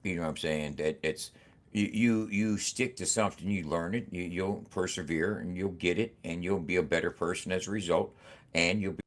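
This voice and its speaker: Deep-voiced man, profane and rambling. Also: fairly even intonation, moderate pace. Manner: profane, rambling, repeats himself. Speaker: screen printer vlogger. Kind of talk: casual motivational talk to camera.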